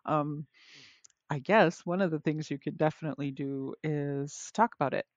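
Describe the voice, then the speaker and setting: A woman's voice: sits low, normal speed, no room sound, muffled recording. Hesitant woman podcast host. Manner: hesitant, searching for words, many fillers. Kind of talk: casual podcast chat.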